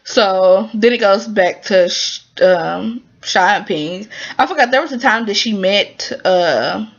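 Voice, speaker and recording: A woman's voice: medium pitch, slow. A woman casually recapping a TV drama episode, talking in a chatty, informal and emotional way with lots of fillers. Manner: animated, emotional storytelling. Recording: muffled lo-fi recording.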